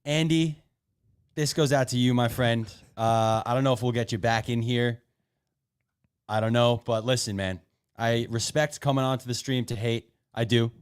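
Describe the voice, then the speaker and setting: A man's voice: medium pitch, steady tone, moderate pace, clean tone. A man co-hosting a sports podcast in casual talk, arguing back at rival fans. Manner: teasing, argumentative. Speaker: podcast co-host.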